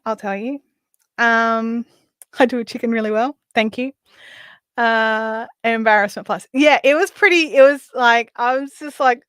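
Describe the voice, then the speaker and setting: A woman's voice: fairly high pitch, no room sound. Chatty Australian woman hosting a craft stream. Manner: chatty storytelling, often trailing off into quiet asides. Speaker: host of a live craft stream. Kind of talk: casual chat while crafting.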